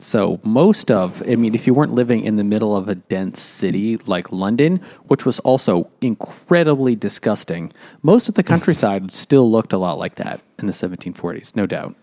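A man co-hosting a casual book podcast, calmly explaining history theories. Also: fairly low pitch, moderate pace. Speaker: podcast host. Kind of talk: casual book chat over beers.

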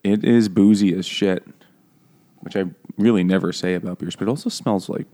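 A man's voice: low-pitched, steady tone, moderate pace, mellow. A man co-hosting a podcast, rambling and joking with friends in casual, profane chat. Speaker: podcast co-host.

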